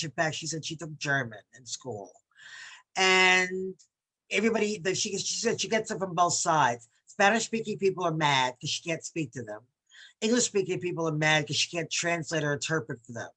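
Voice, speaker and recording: A woman's voice: low voice, moderate pace, fairly bright tone. A woman from New York leading a workshop on bias, talking conversationally and reading quotes aloud with emphasis. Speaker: diversity workshop presenter.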